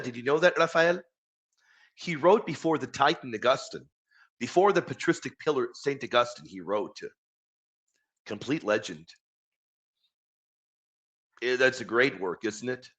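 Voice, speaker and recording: Guy hosting a live stream, bright voice, super animated, hypes up his viewers. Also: medium pitch. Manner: enthusiastic, thanks viewers, reads quotes aloud. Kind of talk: casual live-stream chat.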